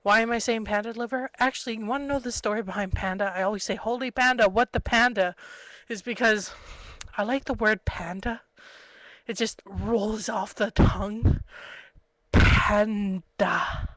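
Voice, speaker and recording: A woman's voice: medium pitch, steady tone, normal speed, fairly bright tone, dry recording, low-quality recording. A young woman vlogging casually to her webcam at home, chatty and giggly, jumping from story to story. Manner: chatty, giggly, jumps between stories. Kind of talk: rambling casual webcam vlog. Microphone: built-in webcam mic.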